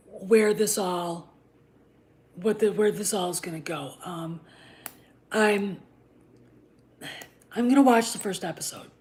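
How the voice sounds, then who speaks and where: A woman's voice: medium pitch, darkish tone. A woman hosting a casual commentary vlog, talking in a blunt, profane and opinionated rambling way. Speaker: host of a channel on the Star Wars franchise.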